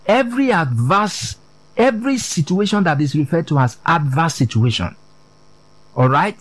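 A man preaching a sermon, often checking whether his listeners are following him, and dropping low on key words. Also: no room sound, rough recording. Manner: repeats "are you getting this?" to the congregation.

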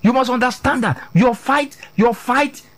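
A man preaching a sermon, often checking whether his listeners are following him, and dropping low on key words. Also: measured pace, dry recording, rough recording. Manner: repeats "are you getting this?" to the congregation.

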